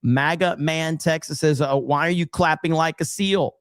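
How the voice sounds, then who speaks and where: A man's voice: a little high, steady tone, moderate pace, smooth, no room sound, clean studio sound. Loose, profane male livestream host. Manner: loose, profane, rambling with frequent fillers and laughs. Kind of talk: casual livestream chat reading viewer comments.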